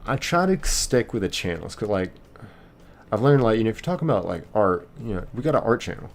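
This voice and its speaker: A man's voice: lowish voice, very animated, fairly quick. A man streaming a game live, reading chat aloud and rambling casually with lots of fillers and restarts.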